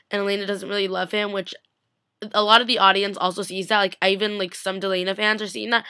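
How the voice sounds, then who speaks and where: Bright, chatty young woman vlogging. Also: medium pitch, no room sound, studio quality. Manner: chatty and giggly, acts out mock reactions. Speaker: fan recap vlogger. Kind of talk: casual episode recap vlog.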